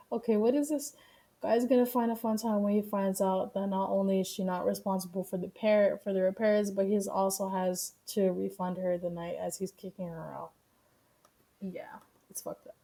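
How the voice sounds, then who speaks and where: A woman streamer giving casual, profane commentary on the news, blunt and quick to laugh. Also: medium pitch, steady tone, mellow.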